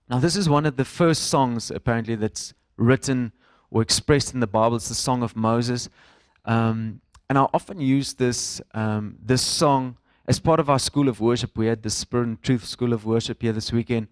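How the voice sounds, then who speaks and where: Male pastor, 30s, mid-pitched, relaxed conversational sermon, dry close sound. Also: normal speed, clear, resonant tone, no room sound. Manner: conversational, with fillers and mixed-in Afrikaans phrases. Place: church in front of a congregation.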